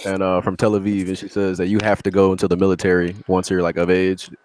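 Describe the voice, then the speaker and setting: A man's voice: low voice, monotone, darkish tone. A man chatting casually with friends on a podcast, telling stories with quoted asides. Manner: fast, storytelling with quoted asides. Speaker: podcast co-host. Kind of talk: casual group chat.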